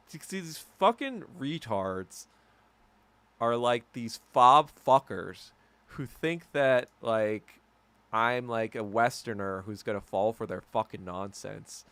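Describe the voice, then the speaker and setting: A man's voice: medium pitch, a bit bright, no echo. An American man hosting a podcast, rambling in a crude, profane and mocking way. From United States. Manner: mocking and abrasive. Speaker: podcast host. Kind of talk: casual solo podcast rant.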